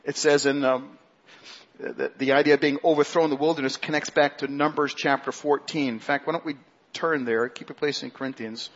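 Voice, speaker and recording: A man preaching a sermon as pastor, animated, mimicking grumbling people in a mocking high voice. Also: brisk, dull audio.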